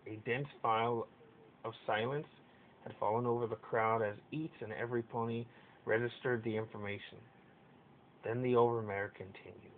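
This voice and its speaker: Give me a man narrating a story in a steady reading voice, recorded tinny and lo-fi. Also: normal speed. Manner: steady reading with occasional stumbles. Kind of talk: reading a fan story aloud. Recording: tinny lo-fi with faint rumble.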